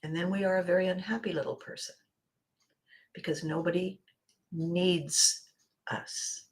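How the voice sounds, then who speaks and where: A woman hosting a motivational monologue, acting out little scenes and dropping to a soft near-whisper for emphasis. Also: on the low side, fairly even intonation, unhurried. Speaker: podcast host.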